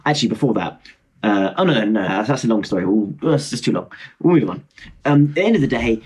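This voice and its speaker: In casual storytelling chat on a podcast video call, a young man from Britain, in his twenties, rambles through a travel tale with animated self-mockery and restarted sentences. He's a fast talker with a lowish, slightly rough voice.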